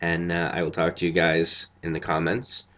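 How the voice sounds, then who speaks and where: A man's voice: deep voice, monotone, normal speed, fairly bright tone. A tired man giving a casual, rambling spoken review of a TV episode, full of fillers and restarts. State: tired after a long night.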